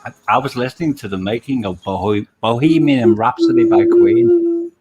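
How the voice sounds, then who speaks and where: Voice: normal speed, highs cut off, soft background music. A songwriter in a casual online group chat, talking thoughtfully with stammers and restarts. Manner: thoughtful, stammering, animated pitch.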